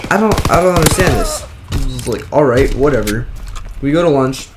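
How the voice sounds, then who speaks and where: A young man tells a casual story at a middle pitch, rambling and leaning on filler words like "like" and "whatever." A steady hiss of background noise sits under his voice. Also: normal speed. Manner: rambling, drops "like" and "whatever" everywhere. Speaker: vlogger.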